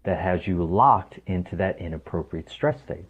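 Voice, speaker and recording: A man's voice: low-pitched, expressive, moderate pace, hardly any pauses, slightly rough. Emphatic man on a tinny phone line. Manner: emphatic, asks rhetorical questions. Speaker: podcast guest, stress coach. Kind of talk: explanatory interview talk.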